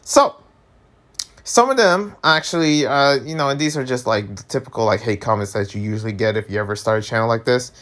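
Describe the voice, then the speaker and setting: A man vlogging in a casual rant, animated and exasperated, laughing often and tripping over his words. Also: a little fast. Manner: animated, exasperated, pitch jumps high when worked up.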